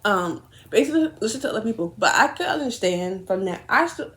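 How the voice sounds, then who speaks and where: A young woman telling a rambling, animated story while doing her makeup, swearing often and correcting herself as she goes. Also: medium pitch, fairly quick.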